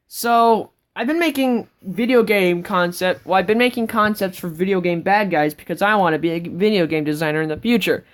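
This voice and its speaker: A woman vlogger giving a casual, rambling tour of her sketchbook, breaking into sudden excited outbursts. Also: on the low side, brisk, hardly any pauses.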